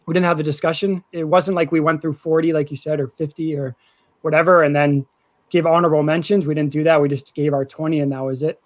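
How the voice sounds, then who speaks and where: A man on a podcast calmly explaining his reasoning, with some hesitation. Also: a little high, fast. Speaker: podcast co-host. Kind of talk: casual podcast chat.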